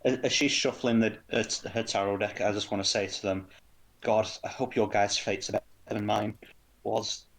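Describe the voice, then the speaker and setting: A man playing a tabletop game, speaking haltingly and repeating words as he describes his moves. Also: fairly low pitch, fairly even intonation, vocal fry. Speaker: player.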